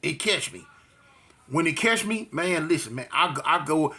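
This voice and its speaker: Raspy dude telling a street story, high bright voice, goes up and down a lot, does the punch sounds. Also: male voice, animated, moderate pace. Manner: acts out voices and fight sounds, slangy.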